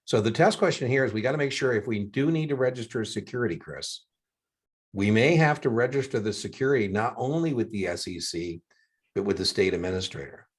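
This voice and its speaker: Older male tutor, low husky voice, chatty storyteller, video call sound. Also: expressive, fairly quick. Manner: chatty, jokey asides. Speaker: exam prep tutor. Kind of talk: one-on-one tutoring session.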